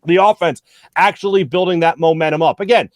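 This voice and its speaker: A man with a high voice hosts a postgame sports talk show. He talks in long, animated runs and keeps restarting his sentences. The sound is dry and close, with no room in it. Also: brisk, no echo. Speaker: host.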